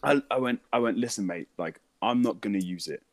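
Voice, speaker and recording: A man's voice: fairly low pitch, fairly quick, no echo. A young British man telling a funny story in casual chat, swearing, laughing and mimicking voices.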